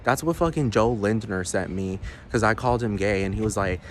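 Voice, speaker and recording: A man's voice: lowish voice, a little fast, hardly any pauses, a little hiss or hum. A man ranting to the camera in a profane, rambling vlog monologue, often asking the viewer if they understand. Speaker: vlogger.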